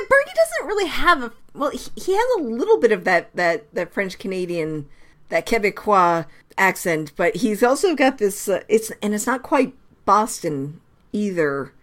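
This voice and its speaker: A woman co-hosting a casual sports podcast, chatty with quick asides and frequent laughter. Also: medium pitch, very animated. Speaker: podcast co-host. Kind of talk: casual hockey chat.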